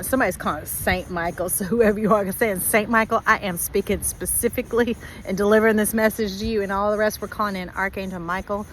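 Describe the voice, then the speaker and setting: Woman tarot reader, animated, mid-range voice, faint background hiss. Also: mid-range voice, poor audio. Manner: animated, acts out viewers' voices. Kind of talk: spiritual tarot reading.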